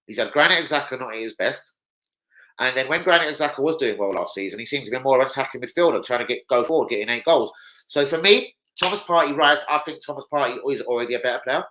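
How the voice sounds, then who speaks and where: A man chats loosely on his football livestream, jumping between opinions and viewer shout-outs with plenty of swearing. His voice is bright and forceful, set a touch high for a man. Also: poor audio. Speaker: football channel host. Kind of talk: casual livestream chat.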